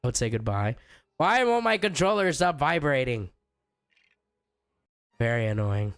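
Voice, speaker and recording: Sick young man streamer, smooth dry voice. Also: medium pitch, big pitch swings, a little slow, a bit bright, no room sound. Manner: chatty, reads chat aloud, jokes with viewers. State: sick, sounds older and rough. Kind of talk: casual chat while gaming.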